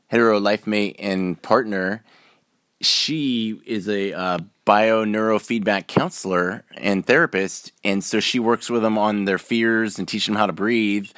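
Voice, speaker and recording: Earnest male guest who rambles through stories; low-pitched voice. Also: fairly bright tone, clean tone, dry recording. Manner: rambling, earnest, acts out quoted people. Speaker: podcast guest, military veteran. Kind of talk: casual interview storytelling.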